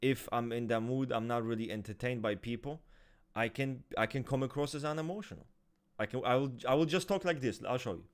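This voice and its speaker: A man's voice: medium pitch, fairly quick, smooth. Emphatic, cursing man in casual chat. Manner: emphatic and profane, restarts often.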